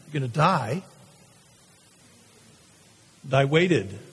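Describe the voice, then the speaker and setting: A man voicing a condemned male prisoner awaiting crucifixion, telling his story in a first-person dramatic monologue with intense pauses. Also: mid-range voice, sing-song, a bit bright, husky, exaggerated voice. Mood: somber. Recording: long hall reverb.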